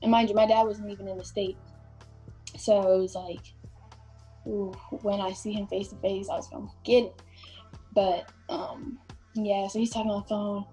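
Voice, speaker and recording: A young woman tells her story as a podcast guest. Her voice is warm and mellow, and she talks loosely with plenty of fillers. A faint bed of music sits under her. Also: mid-range voice, little pitch movement, moderate pace, husky. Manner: vivid storytelling with many fillers. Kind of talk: casual storytelling.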